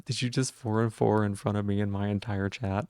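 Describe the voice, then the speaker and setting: A man's voice: lowish voice, steady tone, a little fast, darkish tone, smooth, no room sound, studio quality. A man streaming live, chatting casually and playfully while he repeats silly puns and rambles.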